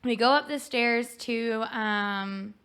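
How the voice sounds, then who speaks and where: A woman's voice: a little high, takes it slowly, clear, resonant tone. A young woman, a podcast guest, telling a story in casual chat, acting out what people said and filling her talk with "like". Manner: animated, acts out quotes, many "like" fillers.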